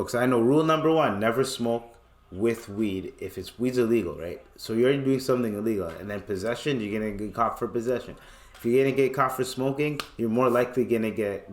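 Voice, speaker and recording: A man's voice: lowish voice, brisk. A young man, hosting a podcast and telling a loose, profane story while acting out the voices of the people in it. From Canada. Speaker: podcast host. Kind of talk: casual storytelling. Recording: roomy echo.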